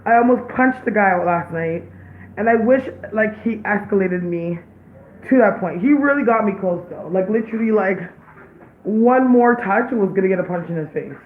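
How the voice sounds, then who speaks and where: Animated and at a normal pace, her medium-pitched voice comes with a faint hiss or hum. It's a casual home vlog in the kitchen, where a young woman and her parent talk freely, cursing and leaning on "like." Everything sounds tinny, as if from a phone, in an echoey space.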